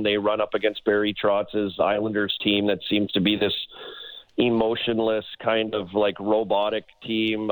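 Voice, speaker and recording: A man's voice: fairly low pitch, dry recording, rough recording. A man co-hosting a sports talk show, talking casually and rambling with many fillers. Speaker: sports radio co-host.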